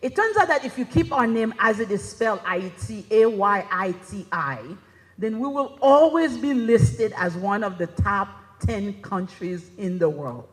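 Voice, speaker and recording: A woman's voice: medium pitch, expressive, moderate pace. A woman giving a conference presentation in a chatty, conversational way, often checking in with "right?". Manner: conversational, keeps asking "right?". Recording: reverberant hall.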